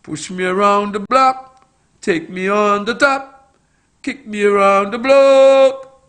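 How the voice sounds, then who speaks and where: A man's voice: sits high, slow pace, a bit bright. A middle-aged man giving impassioned political commentary, firing off emphatic rhetorical questions and repeating his points.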